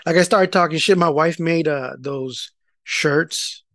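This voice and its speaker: A man with a high, light voice tells a casual story, swearing freely and loudly acting out the people in it. The sound is dry and close, with no room echo. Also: measured pace. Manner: animated, profane, rant-like, acts out quoted people loudly. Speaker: podcast co-host telling a story. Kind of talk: casual profane storytelling chat.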